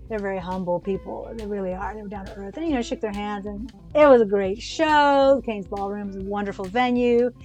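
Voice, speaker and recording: A woman's voice: mid-range voice, a little fast, hardly any pauses, soft background music. A woman telling a personal story in a casual, rambling conversation on a podcast. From United States. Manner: animated, rambling with many restarts. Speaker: podcast co-host.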